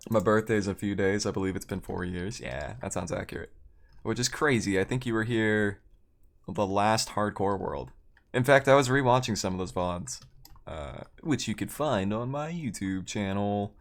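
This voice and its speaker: A man's voice: on the low side, moderate pace. A man chatting casually with his viewers while he plays a game on a live stream, rambling and poking fun at himself.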